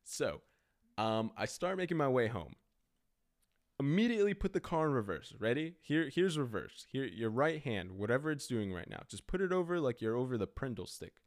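A young podcast host with a mid-range voice tells a rambling story at normal speed. He's casual and animated, and he uses "like" constantly.

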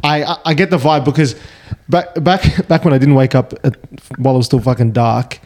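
A man's voice: medium pitch, fairly even intonation, a little fast, a little mellow. A man chatting as a podcast co-host, swearing freely and acting out people in his stories. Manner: swears a lot, puts on voices in anecdotes. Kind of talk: casual chat.

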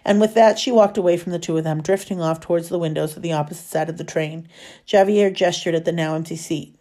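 A woman reading a novel chapter aloud in a steady storytelling manner. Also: lowish voice, fast. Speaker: reader.

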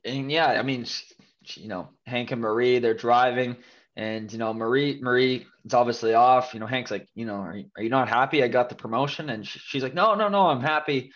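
A man's voice: mid-range voice, steady tone, a little fast, a bit bright, dull audio. A man co-hosting a casual podcast, retelling a TV episode in a rambling way with many fillers and restarts. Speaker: podcast co-host. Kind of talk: casual chat recapping a TV episode.

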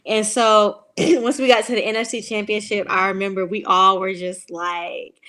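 A young woman guest on a podcast, chatting in a casual and excited way, with lots of likes and you-knows. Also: mid-range voice, moderate pace, hardly any pauses. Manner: chatty, excited storytelling with many fillers. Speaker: guest, former pro cheerleader.

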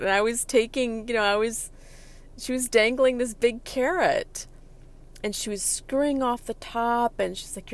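A middle-aged woman telling a personal anecdote in an animated, chatty way, with fillers and restarts. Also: medium pitch, a little slow.

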